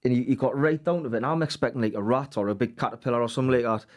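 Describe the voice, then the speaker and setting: A man, a podcast guest speaking casually in a halting, hesitant way. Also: mid-range voice. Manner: halting, many fillers and restarts. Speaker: guest who works with kids. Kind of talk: casual chat.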